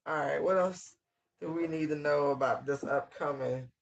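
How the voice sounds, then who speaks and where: A man's voice: on the high side, moderate pace, muffled recording, slight background noise. A man giving a casual, channeled tarot reading in loose, slangy, rambling talk full of fillers. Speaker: tarot reader.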